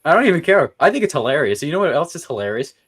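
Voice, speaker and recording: A young man on a robotics team's live stream, chatting casually and tossing out wry jokes and quick comebacks. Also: on the high side, very animated, fairly bright tone, husky. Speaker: robotics team member. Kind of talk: casual livestream chat.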